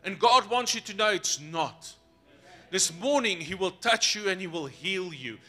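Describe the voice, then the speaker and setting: A man's voice: high voice, lively intonation, measured pace, pushed and bright, faint music behind. A man preaching a sermon as pastor, playful and acting out voices of his congregation between points.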